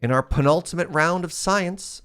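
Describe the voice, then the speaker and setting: A man streaming a game, chatting casually and excitably with his viewers, his voice strained from shouting. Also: on the high side, normal speed, smooth. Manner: excitable, chatty, laughs often. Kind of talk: casual live-stream chat.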